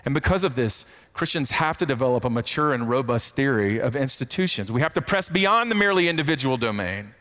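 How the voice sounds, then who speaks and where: A man's voice: mid-range voice, animated, a little fast, hardly any pauses, a bit bright. A man giving a teaching talk on faith and work, repeating key phrases for emphasis and often restarting his sentences.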